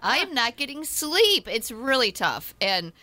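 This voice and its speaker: A woman in her thirties, a stay-at-home mom co-hosting, chatting in an animated way and laughing often. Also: a little high, measured pace, no echo. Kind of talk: casual chat.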